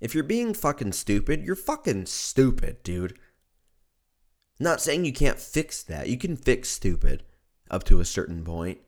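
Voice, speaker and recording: A hoarse man hosting a podcast, talking in a casual, profane, joking rant and laughing at his own lines. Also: mid-range voice, very animated, measured pace. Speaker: podcast host.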